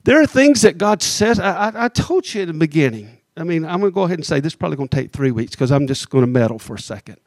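A man preaching a sermon as pastor, talking in a conversational way, teasing his congregation and slowing down hard on key words. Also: a little high, animated, darkish tone, no echo.

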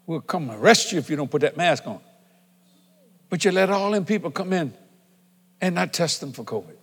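Middle-aged guy preaching in a big church, kinda high voice, folksy then hollering, long hall echo. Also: lively intonation, normal speed, long pauses, slightly rough. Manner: folksy, building from conversational to shouting. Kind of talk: sermon. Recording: long reverb of a large hall.

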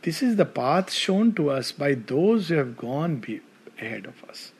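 An Indian English man gives an animated devotional talk to a gathered audience. He tells stories in a fairly high voice and keeps turning to the listeners with questions. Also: a little slow, breathy edge. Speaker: spiritual speaker.

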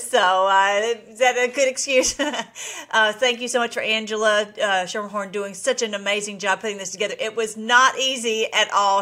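A woman's voice: mid-range voice, bright, forceful tone. A woman hosting her own video blog, chatting casually and bubbly with her viewers and laughing often. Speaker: vlog host.

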